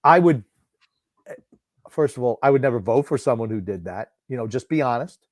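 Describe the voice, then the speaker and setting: A man's voice: mid-range voice, lively intonation, fairly quick, dry recording. A man co-hosting a sports watchalong stream, commenting on a football game with dry, sarcastic jokes. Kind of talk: casual sports commentary chat.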